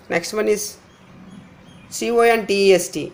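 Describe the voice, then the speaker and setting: A middle-aged man with an Indian English accent teaching a pronunciation lesson, repeating words slowly with exaggerated stress. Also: sits high, creaky. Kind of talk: slide-based pronunciation lesson.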